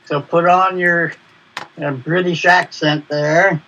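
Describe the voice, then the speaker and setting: A man's voice: fairly high pitch, slow pace, slight background noise. A man in a play-reading group, chatting casually and jokingly over a video call. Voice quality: relaxed, joking. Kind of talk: casual chat. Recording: dull lo-fi video call audio.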